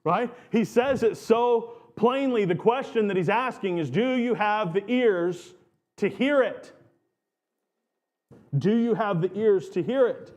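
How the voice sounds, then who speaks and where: Slow, emphatic preaching man. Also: sits high, darkish tone. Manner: earnest, emphatic preaching with slow stressed phrases. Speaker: pastor. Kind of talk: sermon. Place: church.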